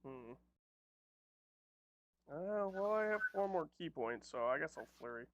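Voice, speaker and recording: A man's voice: on the high side, lively intonation, measured pace, a bit bright, no room sound, muffled recording. A man playing a tabletop game over voice chat, easygoing and jokey, laughing often. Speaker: player.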